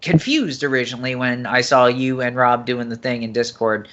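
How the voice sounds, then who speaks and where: A man's voice: mid-range voice, moderate pace, fairly bright tone. Teasing, profane male podcast co-host. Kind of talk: casual gaming chat. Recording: dull lo-fi recording.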